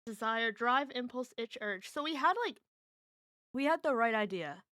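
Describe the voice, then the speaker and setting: Her fairly high voice is bright, forceful and expressive at a moderate pace, captured in echo-free studio quality. This woman streams from home, chatting casually as she guesses at word puzzles aloud and teases the people with her.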